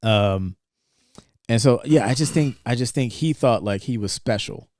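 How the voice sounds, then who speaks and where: A man's voice: medium pitch, moderate pace, no echo, clean studio sound. A young man co-hosting a podcast, rambling through a film scene in a casual chat and acting out the characters' lines. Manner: rambling, animated retelling with quoted lines. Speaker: podcast co-host.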